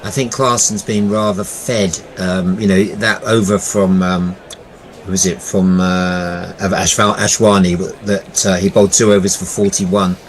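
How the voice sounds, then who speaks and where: A man doing ball-by-ball cricket commentary in a chatty way, often pausing with fillers and restarting. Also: deep voice, little pitch movement, low-quality recording.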